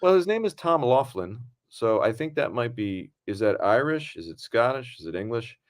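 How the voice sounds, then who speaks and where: Animated man telling stories on a podcast. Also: mid-range voice, normal speed. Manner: animated storyteller, acts out quotes. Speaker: podcast host and film director. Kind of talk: casual podcast chat.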